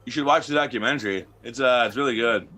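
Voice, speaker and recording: A man's voice: mid-range voice, fast, crowd noise. A man being interviewed as a wrestling champion, talking in a brash, boastful, profane way and telling stories casually.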